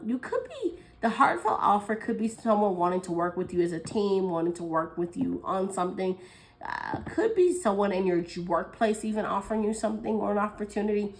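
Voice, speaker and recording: A woman's voice: fairly low pitch, poor audio. Woman doing a laid-back tarot reading, chatty, kinda talks as she thinks, lots of ums. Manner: chatty, thinking aloud, frequent laughs and fillers. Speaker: tarot reader. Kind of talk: casual tarot reading monologue.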